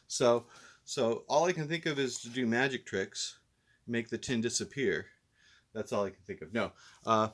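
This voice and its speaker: A man hosting a casual vlog review who talks in a rambling, laid-back, self-deprecating way while mildly stoned. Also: a little high. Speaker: host and reviewer.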